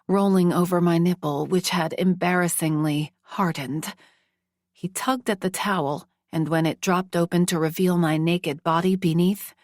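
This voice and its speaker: A woman narrating a first-person romance audiobook in a slow, hushed, measured reading. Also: fairly low pitch, no room sound, clean studio sound.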